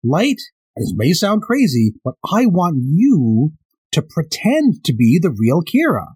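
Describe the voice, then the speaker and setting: A man's voice: fairly high pitch, wildly swooping pitch, unhurried, darkish tone, husky, no room sound. A man co-hosting a podcast, casually discussing a manga chapter and playfully paraphrasing the characters. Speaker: podcast co-host.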